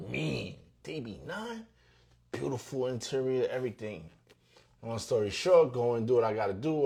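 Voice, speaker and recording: A man hosting his own show, telling a motivational story in an animated way, with loud bursts and hushed asides. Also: on the low side, slightly rough. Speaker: host.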